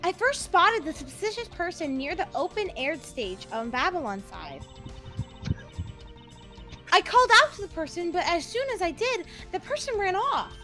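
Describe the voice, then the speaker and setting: A woman's voice: very high voice, very animated, normal speed, pushed and bright, soft background music, full character voice. A woman voicing an earnest young female witness, recounting events step by step.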